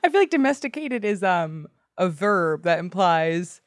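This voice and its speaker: A woman's voice: fairly low pitch, big pitch swings, a little slow, no room sound, clean studio sound. A woman co-hosting a podcast, bantering playfully and laughing often. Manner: giggly, playful teasing. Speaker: podcast co-host.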